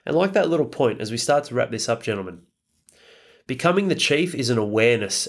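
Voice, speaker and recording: A man hosting a podcast, giving a blunt, profane motivational monologue full of rhetorical questions. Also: lowish voice. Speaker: podcast host.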